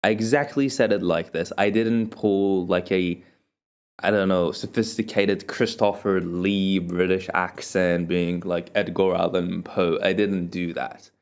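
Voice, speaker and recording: A young man with a fairly low voice tells a story from his own life in a loose, rambling way, full of self-mocking asides. The recording is dull and lo-fi, with a muffled home-mic sound. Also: steady tone, a little slow, clean tone. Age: young adult. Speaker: vlogger telling a personal story. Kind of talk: casual storytelling monologue.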